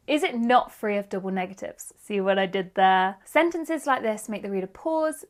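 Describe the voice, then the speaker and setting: A woman's voice: on the high side, fairly bright tone. Upbeat woman teaching writing. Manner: upbeat, emphatic teacher reading examples aloud. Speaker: writing instructor. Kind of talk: online writing lesson.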